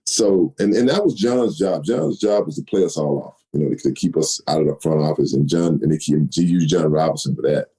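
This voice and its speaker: A man in his sixties, a guest in an interview, telling stories with lively delivery and acting out quoted dialogue. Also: extremely low pitch, a little fast, few pauses, poor audio. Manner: animated storyteller, acts out quoted dialogue. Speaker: guest, retired football player. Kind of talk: storytelling interview.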